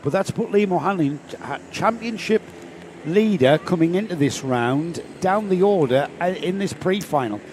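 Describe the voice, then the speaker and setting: A man's voice: high-pitched, animated, moderate pace, a little mellow, a little hiss or hum. A man co-commentating a live karting race, talking steadily and reading out the grid order.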